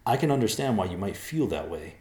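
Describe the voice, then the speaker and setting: A man plays a nervous grown man in a storybook reading, pleading earnestly and stumbling over his words. The voice is pitched above the reader's deep own, with a roomy echo. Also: sing-song, brisk, a little mellow. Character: nervous adult man, apologetic schemer.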